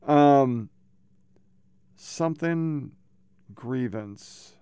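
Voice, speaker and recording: Profane rambling man, smooth voice. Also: medium pitch, extremely slow, warm tone, no room sound. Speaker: podcast host. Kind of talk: casual rambling monologue. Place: home computer setup. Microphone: own microphone.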